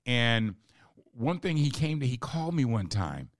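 A man's voice: mid-range voice, big pitch swings, unhurried, dry recording, studio quality. A man hosting a casual interview, telling stories in a reflective, emphatic way about directing. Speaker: host, writer and director.

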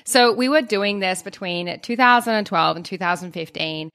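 A woman, a podcast co-host telling her story in an animated, fast way with many restarts. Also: medium pitch, dry recording, studio quality.

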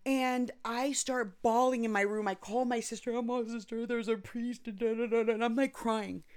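A woman, a former NICU mom, telling stories in a lively, expressive casual chat. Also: a little high, normal speed, smooth. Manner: animated, expressive storyteller. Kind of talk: casual storytelling.

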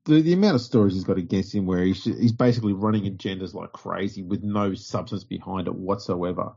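Gruff podcast co-host, sweary and blunt, husky low voice, lo-fi audio. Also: male voice, fairly quick, mellow. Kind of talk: casual podcast chat.

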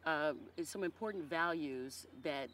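A man's voice: on the high side, measured pace, fairly bright tone. A man hosting an interview, asking questions and giving affirming responses. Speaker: interview host. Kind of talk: conversational interview.

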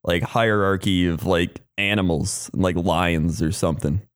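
A man's voice: deep voice, fairly even intonation, a little slow, clear, resonant tone. A man co-hosting a casual chat, laid-back and chuckling, often answering with short agreements.

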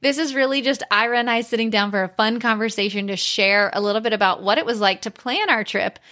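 Upbeat woman in her 30s hosting a podcast, bright clear voice, chatty and light. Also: fairly high pitch, fast talker. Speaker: podcast host. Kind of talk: casual podcast chat.

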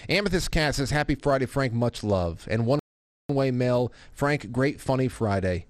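A man in his thirties chats his way through viewer messages on a live show, animated and informal. His voice sits in an ordinary middle pitch. The close mic leaves it dry, with no room sound. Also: moderate pace, dry recording. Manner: animated, puts on a high child's voice when quoting his daughter. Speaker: podcast host reading viewer comments. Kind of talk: casual live-stream chat.

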